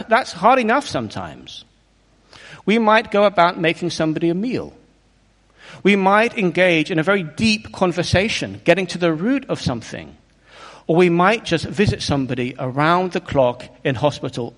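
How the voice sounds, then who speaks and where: A man's voice: sits high, a bit bright. A man preaching a sermon in an earnest, emphatic way, often asking his listeners rhetorical questions. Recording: long reverb of a hall.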